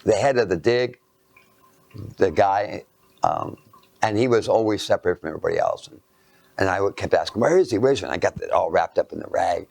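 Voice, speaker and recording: A man lecturing through a personal anecdote, halting and self-mocking, dropping into hushed asides. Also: deep voice, gravelly.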